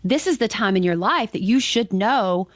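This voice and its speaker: A woman's voice: mid-range voice, expressive, normal speed, no echo. Chatty emphatic woman financial advisor. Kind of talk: casual radio show chat.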